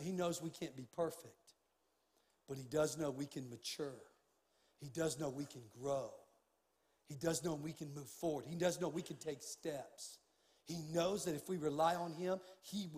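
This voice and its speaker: High-voiced pastor preaching in a reverberant hall. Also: male voice, darkish tone. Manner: preaching with rising fervor, casual folksy asides. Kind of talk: sermon. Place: large church sanctuary.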